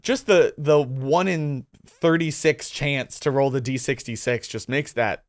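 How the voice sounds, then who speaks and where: A man's voice: medium pitch, measured pace. A man co-hosting a casual tabletop gaming talk, reading rules aloud and then chatting about them, laughing easily. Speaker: co-host.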